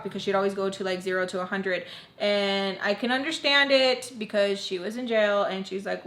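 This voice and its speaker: A woman's voice: medium pitch, steady tone, a little fast, a bit bright. Young female vlogger, rambling casual storyteller, roomy echo. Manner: chatty, heavy use of "like", acts out quoted voices.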